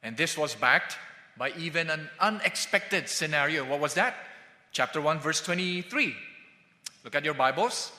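Male pastor, sermon. Measured and emphatic, slightly high, with a bright edge. Echoing church hall. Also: animated. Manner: emphatic, with drawn-out stressed words and sudden drops in volume. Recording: echoey hall with long reverb.

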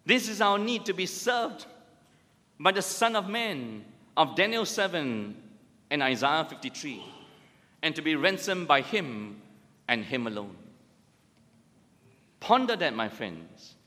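Emphatic preacher with a lively voice. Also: male voice, takes it slowly, long pauses. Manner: emphatic, rhetorical questions, rises and drops in pitch. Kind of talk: sermon. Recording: long hall reverb.

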